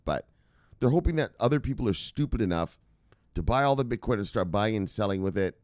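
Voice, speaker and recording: Crypto channel host from Jamaica, a lowish-voiced man in a sarcastic, swearing rant with big swings in pitch, in a dry, close sound. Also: a little mellow, no echo. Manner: profane, heated, sarcastic. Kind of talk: casual opinion rant to camera.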